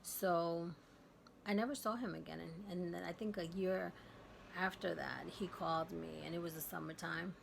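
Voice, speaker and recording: A woman vlogger with a lowish, gravelly voice tells a personal story in a candid, casual way. She is emphatic and lowers to a hush at the tense parts. A faint hiss sits under the voice. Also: fairly even intonation, moderate pace.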